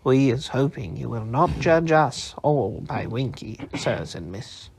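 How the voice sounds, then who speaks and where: A man's voice: medium pitch, animated, measured pace, creaky, slight background noise. A man doing an apologetic, ashamed house-elf. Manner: bowing, apologetic.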